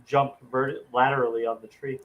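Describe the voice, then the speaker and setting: A man's voice: medium pitch, little pitch movement, moderate pace. A man who is a guest on a podcast, talking bluntly and jokingly. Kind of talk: casual podcast chat. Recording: dull lo-fi line with faint hiss.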